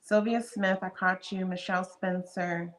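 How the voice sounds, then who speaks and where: A woman's voice: lowish voice, steady tone, a little slow. A woman in her fifties hosting a live stream, chatting casually and greeting viewers one by one by name. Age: 50s. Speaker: livestream host.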